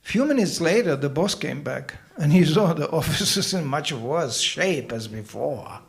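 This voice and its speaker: A man's voice: fairly high pitch, expressive, measured pace, vocal fry. A man giving a festival sermon, telling stories animatedly with acted voices and teasing, humorous asides. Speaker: spiritual teacher.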